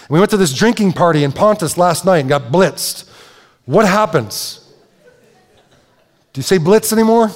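A man preaching to his congregation, his voice a touch higher than most men's. He talks loosely, restarting phrases and tossing in asides. The sound rings with the long reverb of a large church sanctuary. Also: animated, normal speed, pauses often. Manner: conversational, self-interrupting with repeated words and asides. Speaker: pastor. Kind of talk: sermon.

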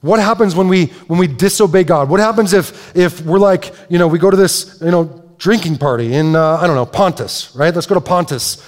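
A man's voice: high-pitched, a little fast, few pauses. A man preaching a sermon as pastor, talking in a loose, conversational way with frequent restarts and repeated words. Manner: conversational, self-interrupting with repeated words and asides. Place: church sanctuary. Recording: long reverb of a large hall.

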